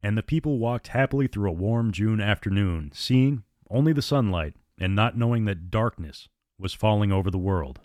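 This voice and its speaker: A man narrating a suspense story in a measured, dramatic audiobook reading. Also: fairly low pitch, lively intonation, darkish tone, no room sound, clean studio sound.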